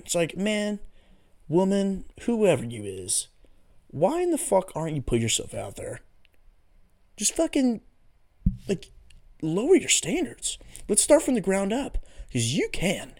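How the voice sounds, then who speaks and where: A man's voice: high voice, huge pitch swings, unhurried, long pauses, a little mellow. A man hosting a casual solo podcast, rambling through goofy tangents with lots of swearing. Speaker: podcast host.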